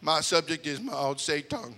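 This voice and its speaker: An older man preaching with humor, an animated storyteller with comic timing who slips into character voices. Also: a little high. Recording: long hall reverb.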